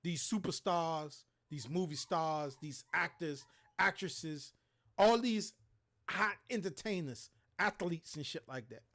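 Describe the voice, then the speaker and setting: A man's voice: high-pitched, fairly bright tone. A man hosting a livestream, ranting in a heated, profane, preachy way. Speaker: show host. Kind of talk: impassioned livestream rant.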